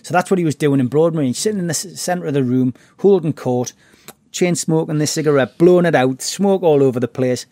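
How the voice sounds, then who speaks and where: A man's voice: fairly high pitch, brisk, dark tone, no room sound. A middle-aged man telling stories in a casual interview, often restarting his words. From Newcastle, England. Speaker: podcast guest. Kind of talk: casual storytelling.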